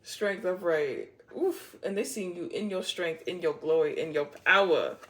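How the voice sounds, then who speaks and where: A woman's voice: on the low side, expressive, a little slow, a bit bright. A woman giving a casual tarot reading to camera, playful and blunt, swearing freely and laughing often. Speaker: tarot reader.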